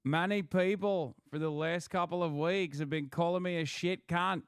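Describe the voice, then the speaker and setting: A man's voice: a little high, fairly even intonation, normal speed, smooth, dry recording, studio quality, lightly acted. A man putting on a crude mock Aussie leader. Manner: profane, mocking. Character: crude mock Australian prime minister, middle-aged man.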